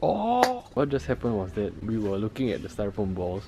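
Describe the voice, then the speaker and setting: A man's voice: on the low side, wildly swooping pitch, normal speed, mellow. A young man with a Singaporean English accent, vlogging in a chatty, jokey way and laughing easily as he wanders through shops and streets. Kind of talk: casual vlog narration. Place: out and about in city streets and shops. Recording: noisy outdoor street recording.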